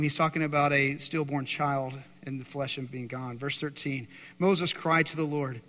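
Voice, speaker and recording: A man preaching a sermon in a church, swinging between loud emphatic stretches and hushed quiet passages. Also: medium pitch, fairly even intonation, moderate pace. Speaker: pastor. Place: church sanctuary. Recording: reverberant hall.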